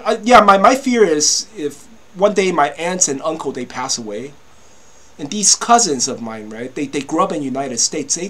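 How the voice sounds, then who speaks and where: A man's voice: sits high, a bit bright. A man in his fifties ranting to camera, agitated and repetitive, stammering through restarts and swearing freely. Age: 50s. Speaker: vlogger.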